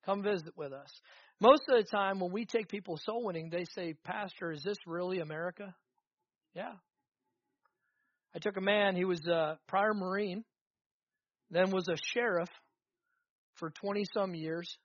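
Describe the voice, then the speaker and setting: A man's voice: high voice, normal speed, pauses often, fairly bright tone, dry recording, highs cut off. A man preaching a sermon as pastor, with rising fervor and repeated emphatic phrases.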